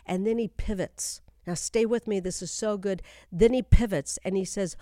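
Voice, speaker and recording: A woman's voice: medium pitch, fairly even intonation, normal speed, hardly any pauses, dark tone, dry recording, clean studio sound. A woman speaking as a spiritual coach, teaching the Bible with emphatic repeated phrases and addressing listeners directly. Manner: addresses listeners directly, urging them to stay with her. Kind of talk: Bible teaching for a YouTube channel and podcast.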